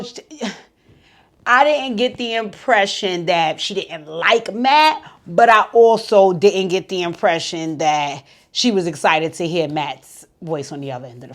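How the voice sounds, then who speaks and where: A woman giving a casual, candid recap of a reality TV episode, chatty and freely swearing. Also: mid-range voice. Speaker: reality TV show reviewer.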